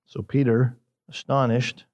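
A man preaching a sermon in an expressive way, dropping his voice low and slow for emphasis.

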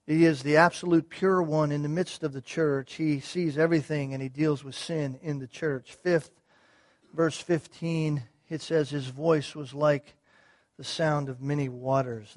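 Man, sermon, rhetorical questions, repeated phrases, dry sound, quiet to loud swings. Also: a little high, dry recording. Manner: swings from quiet, measured teaching to loud, rising preaching. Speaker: pastor.

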